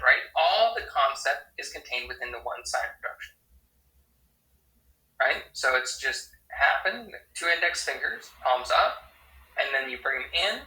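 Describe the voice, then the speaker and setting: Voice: mid-range voice, sharp tone. Interpreter voicing a sign language lesson, explanatory, tag questions, roomy echo.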